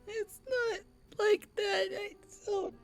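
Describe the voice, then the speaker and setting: A woman's voice: very high voice, fairly even intonation, takes it slowly, soft background music, heavily acted. A woman playing a panicked shapeshifting spirit in a young man's form, stammering and pleading frantically. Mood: distraught.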